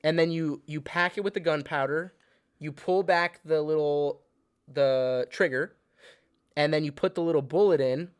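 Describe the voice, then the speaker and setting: A young man co-hosting a comedy podcast, talking in excitable, profane banter and laughing often. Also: fairly high pitch, normal speed, clean tone, no echo, studio quality. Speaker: podcast co-host.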